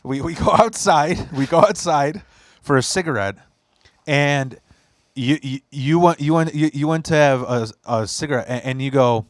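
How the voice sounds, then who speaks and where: A man's voice: on the high side, moderate pace, dry recording, clean studio sound. A man hosting a casual podcast chat in a basement, telling a rambling story with laughs, swearing and teasing his friend. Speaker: podcast host.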